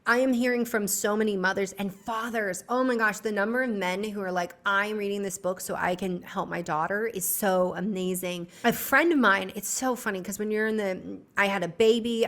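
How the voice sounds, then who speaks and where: A woman in the guest seat of a relaxed podcast, talking easily in a middle-pitched voice. She tells stories in a chatty way, full of quick asides. She sounds like a doctor talking with an author's ease. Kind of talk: casual podcast conversation.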